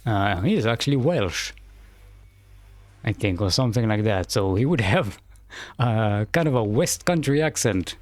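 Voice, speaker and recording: A man's voice: fairly low pitch, lively intonation, measured pace, no room sound, faint music behind. A man streaming a video game, thinking aloud in a hesitant, rambling way. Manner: rambling, hesitant, self-correcting. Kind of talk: thinking aloud while playing.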